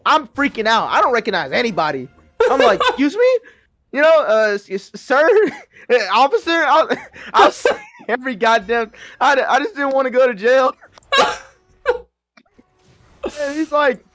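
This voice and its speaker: Very high-voiced young man telling a story. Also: dry recording. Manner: animated, laughs often, swears freely, acts out quotes. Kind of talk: casual storytelling over game voice chat.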